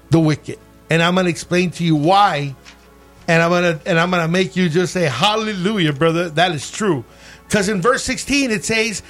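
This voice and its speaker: A man's voice: sits high, fairly bright tone. A man preaching a bilingual sermon, switching between English and Spanish and calling out for amens from the congregation.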